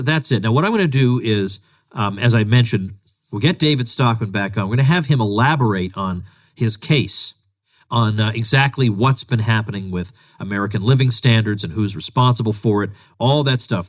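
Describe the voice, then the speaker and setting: A man's voice: lowish voice, fairly quick. A man hosting a solo commentary podcast, talking in a sarcastic, exasperated way as he answers critics. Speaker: podcast host.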